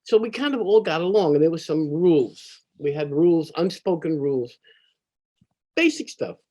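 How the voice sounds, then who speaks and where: Older man, slightly higher voice, conversational storyteller. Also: normal speed. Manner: animated, conversational, acts out quoted voices. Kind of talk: personal storytelling.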